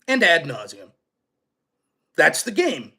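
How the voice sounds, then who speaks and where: A man's voice: on the high side, slow pace. A man hosting a casual political commentary stream, sarcastic and mocking, chatting with his live chat as he talks. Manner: animated and sarcastic, mocking opponents; chats with live chat readers.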